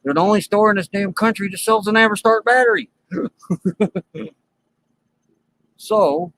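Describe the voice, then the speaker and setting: A man's voice: high voice, measured pace, low-quality recording. A man hosting a live stream from his RV, telling a story in plain, colloquial talk and acting out the dialogue. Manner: animated, acts out dialogue in the story. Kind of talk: casual storytelling to live chat.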